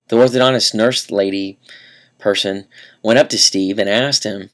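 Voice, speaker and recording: A young man telling a comic story to camera, deadpan and mock-earnest, with dramatic pauses. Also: fairly low pitch. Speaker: vlogger.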